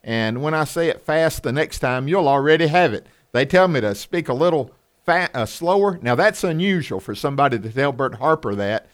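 A man with a Southern drawl, co-hosting a radio fundraising appeal and slowly repeating a phone number. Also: fairly high pitch, animated. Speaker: radio co-host.

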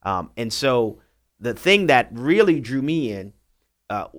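A man's voice: mid-range voice, big pitch swings, slow pace. A man speaking as a legal analyst guest on talk radio, earnest and emphatic in his explaining.

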